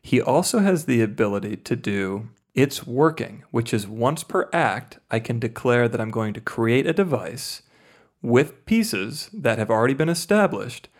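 A man narrating his character in a tabletop role-play game. He talks quickly and playfully, in a mid-range voice. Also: medium pitch. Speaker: player.

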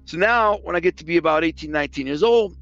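A man's voice: fairly high pitch, quick pace, gravelly, a bit bright, dry recording, muffled recording, soft background music. A man casually recounting his past in a streetwise, profane way, acting out what other people said. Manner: streetwise, profane, re-enacts quoted speech. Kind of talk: casual storytelling.

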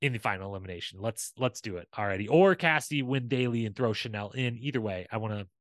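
A man's voice: fairly low pitch, fast talker, fairly bright tone, dry recording. A man hosting a podcast, giving an enthusiastic, chatty solo recap with commentary. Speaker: podcast host.

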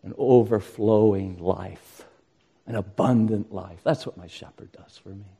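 Earnest preaching pastor, mellow tone. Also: male voice, fairly low pitch, measured pace, vocal fry, husky. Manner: earnest preaching, rising to impassioned emphasis. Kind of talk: sermon.

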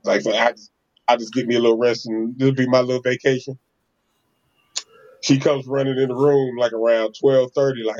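A man tells a casual, animated story to his co-hosts, often laughing and acting out what people said. His voice sits in an ordinary middle pitch. The recording is slightly dull and lo-fi. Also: brisk.

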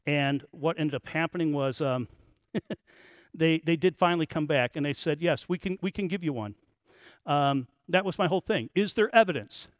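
A man's voice: fairly high pitch, no echo. A man giving a talk on biblical archaeology, telling a story to an audience and rising to emphatic peaks.

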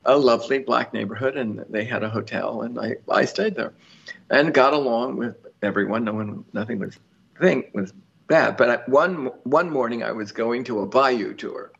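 A man tells a long story as an interview guest, rambling and chatty, with frequent ums and restarts. His voice has a gravelly, creaky edge. The recording sounds somewhat dull and lo-fi. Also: mid-range voice, moderate pace, fairly bright tone. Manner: laughs easily. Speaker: lottery winner guest.

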